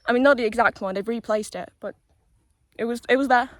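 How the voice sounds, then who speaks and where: A young Polish-born woman with a slightly high voice and a British-tinged accent, chatting loosely into a handheld phone on a walk outdoors. She strings her thoughts together with lots of "like" and the odd swear word, in a relaxed, unscripted vlog ramble. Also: a little fast, dry recording. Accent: British-tinged English with a Polish background. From Poland. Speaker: vlogger. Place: outdoors on a quiet rural road. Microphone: handheld phone while walking.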